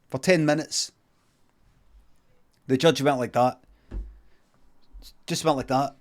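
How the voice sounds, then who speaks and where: A man with a Scottish accent improvising a comic story in a deadpan, rambling, sweary way. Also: mid-range voice, slow pace, long pauses. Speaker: comedian streamer.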